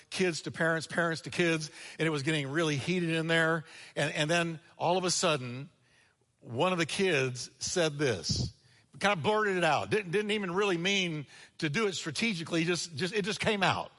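A male pastor preaching a sermon, swinging between energetic delivery and hushed asides, acting out quoted lines. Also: a little high, big-room sound. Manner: energetic preaching with sudden drops to quiet, acted-out quotes. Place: church sanctuary.

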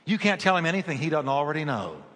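A man preaching a sermon as an animated storytelling pastor who repeats phrases for emphasis, in a reverberant hall. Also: on the high side, fast talker.

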